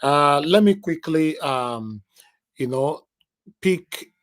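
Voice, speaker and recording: A man from Nigeria hosting a live online panel, brisk and polite, calling on guests by name. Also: a little high, animated, fairly bright tone. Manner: brisk, polite, addresses guests as sir and madam. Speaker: host.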